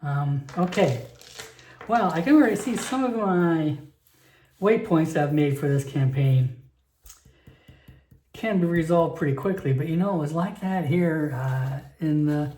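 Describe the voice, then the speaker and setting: A man's voice: on the high side, unhurried, long pauses, warm tone. A man playing a solo tabletop game and narrating it in a rambling, chatty way, full of fillers and restarts, recorded in an echoey room.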